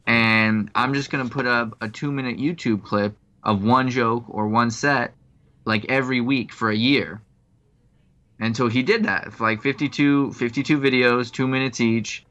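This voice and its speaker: A man's voice: medium pitch, fairly even intonation, normal speed, pushed and bright, lo-fi sound. A man co-hosting a podcast, chatting casually and rambling with lots of filler words. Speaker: podcast co-host. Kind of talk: casual chat.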